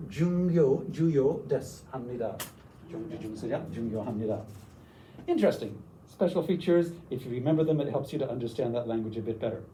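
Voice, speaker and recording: A man giving a lively teacher workshop, demonstrating foreign words and sounding them out for the room. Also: a little high, distant mic, a little hiss or hum, low-quality recording. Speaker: workshop presenter. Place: lecture room.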